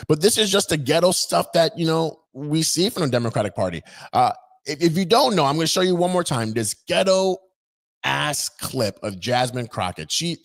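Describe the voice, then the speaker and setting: Indignant, mocking male commentator. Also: medium pitch. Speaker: political commentator host. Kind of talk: opinion commentary vlog.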